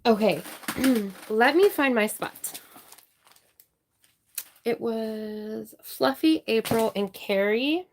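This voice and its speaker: A woman hosting a crafting livestream, chatting casually, reading viewer names and thanking them warmly. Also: on the high side, slight background noise. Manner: warm, chatty, apologetic, reading out names slowly.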